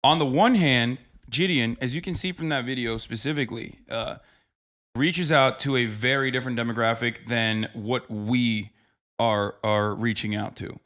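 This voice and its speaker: A man's voice: medium pitch, moderate pace, a bit bright. A man talking on a casual podcast, rambling with restarts and fillers. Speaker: podcast co-host.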